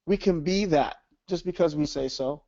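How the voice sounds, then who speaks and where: A man with a fairly high voice hosts a casual faith conversation and tells a personal story. He talks in an earnest, animated way. The recording is dry and dull, like lo-fi audio. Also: normal speed, no room sound. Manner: earnest, animated, often asks "right?". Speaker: host.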